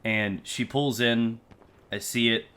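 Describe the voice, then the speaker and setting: A man's voice: medium pitch, fairly even intonation, takes it slowly, fairly bright tone, clean tone. A young American man telling a personal story to his channel viewers in an earnest, conversational way, with frequent fillers and restarts. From United States. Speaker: YouTube creator.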